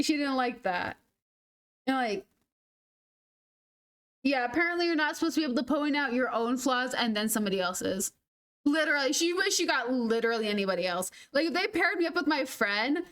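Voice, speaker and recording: A high, fairly bright voice belongs to a woman in her twenties who streams games. She chats casually, rambling through self-deprecating stories and mimicking others in quotes.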